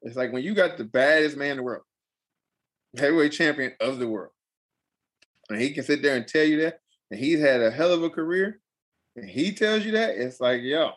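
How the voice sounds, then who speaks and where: A young adult man, a pro fighter, telling a story in a casual interview, animated and emphatic, repeating phrases for effect. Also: mid-range voice, normal speed, pauses often.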